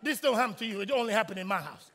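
A man preaching a sermon in church, emphatic, swinging from shouts to soft asides. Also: high voice, very fast, in a large hall, a faint crowd. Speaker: pastor.

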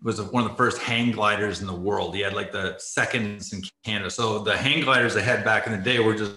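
Rambling, bright-voiced middle-aged man on an echoey call. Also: lowish voice, steady tone, brisk. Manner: rambling, says "like" often, laughs while telling. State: tearful at moments. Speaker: interview guest, former ice hockey player. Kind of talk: casual interview storytelling. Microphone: video call.

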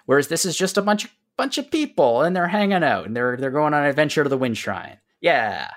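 A man's voice: fairly high pitch, sing-song. A chatty man recapping a game. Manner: halting, many fillers and restarts, drops to quiet asides. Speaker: podcast host. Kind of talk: casual game discussion, recapping a story.

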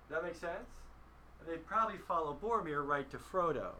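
A man leading a film discussion in a lively, emphatic teaching style, often asking his listeners rhetorical questions. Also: on the high side, brisk, a little hiss or hum. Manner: emphatic, conversational.

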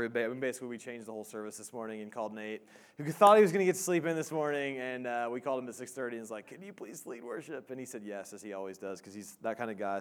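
A man in his thirties preaching a sermon as pastor, casual and halting, with many fillers and restarts. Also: medium pitch, clear, resonant tone.

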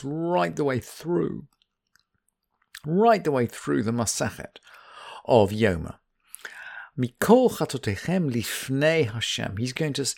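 Gravelly man teaching a Mishnah text. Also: mid-range voice, no room sound, clean studio sound. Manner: reads Hebrew text slowly, then explains in plain English. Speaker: Talmud teacher. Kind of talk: text study lesson.

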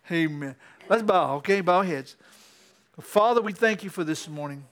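A male preacher, giving an animated sermon in church that climbs to excited peaks. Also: high voice, slow.

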